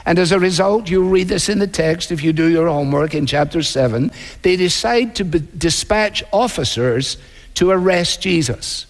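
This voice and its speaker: Male pastor, higher voice, earnest conversational sermon, big reverberant sanctuary. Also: normal speed. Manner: earnest, conversational preaching with rhetorical questions and quoted voices. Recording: long reverb in a large hall.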